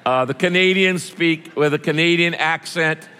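A man's voice: a little high, moderate pace, bright, forceful tone, clear, resonant tone. A man preaching a sermon to a congregation in a church, talking in a conversational way and putting questions to his listeners. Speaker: pastor. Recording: reverberant hall.

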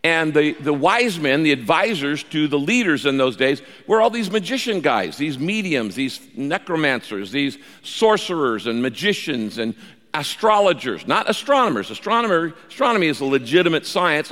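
A male pastor delivers a sermon with a lively, rising and falling voice that sits a little higher than most men's. He tells the story with animation and acts out the dialogue. His voice rings with a long reverb, as in a big church sanctuary. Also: moderate pace.

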